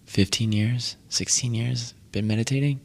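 A man's voice: medium pitch, steady tone, normal speed, vocal fry, darkish tone, long reverb tail. A man in his twenties chatting casually and telling easygoing stories. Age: 20s. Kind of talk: casual chat.

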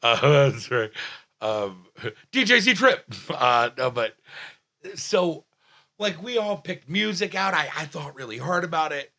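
A man, a comedian telling a story in casual podcast chat, profane and animated, full of restarts and fillers. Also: a little high, measured pace. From Staten Island, New York.

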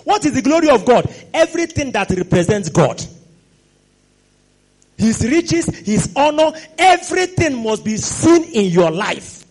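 A man preaching a sermon, animated and exclamatory, sometimes rising to shouts. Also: very high voice, a little slow, slightly rough.

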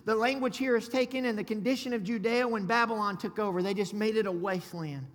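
A man preaching a sermon, excitable and storytelling, with loud shouted peaks. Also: high voice, fast talker. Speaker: pastor. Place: church sanctuary. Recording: long hall reverb.

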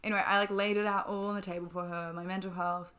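A woman's voice: medium pitch, little pitch movement, quick pace, a bit bright. A young woman chatting as a podcast co-host, telling a story with lots of fillers. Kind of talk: casual chat.

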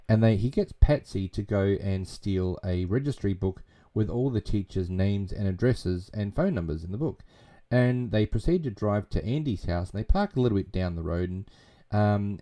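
A man's voice: on the low side, dark tone. A middle-aged man casually recapping a movie plot, rambling and chatty with many fillers. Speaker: film reviewer.

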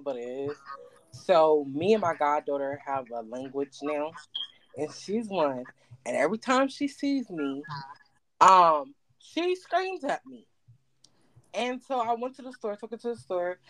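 A woman chatting on a podcast, telling lively stories with loud imitated screams. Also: on the low side, rough recording. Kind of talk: casual chat.

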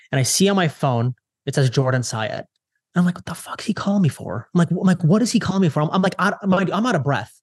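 A young man from the Chicago area, a social media strategist, telling a story casually in an interview with lots of quick retellings and restarts. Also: mid-range voice, dry recording, studio quality. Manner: animated, lots of "I'm like" retellings, fast restarts.

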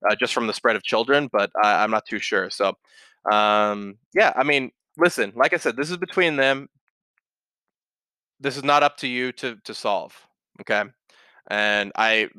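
A man talks through listener problems in a loose, rambling way, restarting his sentences and giving blunt, direct advice. His voice is bright and clear. The sound is dry and close. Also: medium pitch, no echo. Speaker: advice show host reading listener posts. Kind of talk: casual advice chat.

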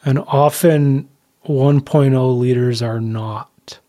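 A man co-hosting a podcast, speaking slowly and deliberately about inner safety and healing, then thanking his guest and listeners. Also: medium pitch, steady tone, mellow. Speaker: podcast co-host. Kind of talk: reflective interview talk.

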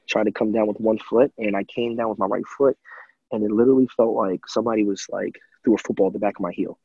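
A man's voice: lowish voice, quick pace, creaky, breathy edge, dry recording, muffled recording. A young man in his twenties, a former college football player, casually telling a story in an interview with lots of fillers and acted-out quotes. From USA. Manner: animated storyteller, many fillers, acts out quotes.

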